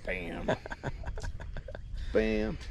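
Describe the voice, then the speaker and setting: A man's voice: on the high side, lively intonation, drawn-out words, gravelly. A man on a fishing trip making short, dry replies from a boat on a river. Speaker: fishing buddy. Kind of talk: casual banter on a fishing trip. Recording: distant voice over loud outdoor noise.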